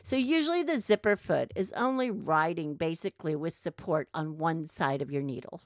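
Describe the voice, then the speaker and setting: A woman's voice: deep voice, expressive, moderate pace, no room sound, studio quality. An older woman co-hosting a sewing podcast, chatting casually in an easygoing, wry way. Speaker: podcast co-host. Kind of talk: casual chat.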